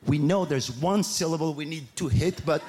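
A man with a French accent performing stand-up comedy, animated and mimicking voices and mispronunciations. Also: fairly high pitch, moderate pace. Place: large theater with live audience. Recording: live stage recording with audience noise.

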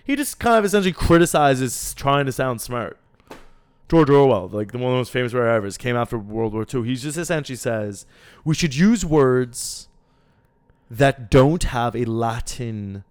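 A young man, a student, chatting as a podcast guest, eager to explain things and quick to mock himself. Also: mid-range voice, animated, clear, resonant tone, dry recording. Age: young adult. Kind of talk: casual podcast chat.

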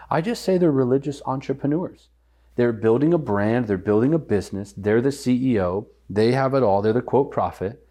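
A man's voice: lowish voice, lively intonation, moderate pace, dark tone. A man speaking as a guest on a podcast, earnestly teaching and repeating phrases for weight.

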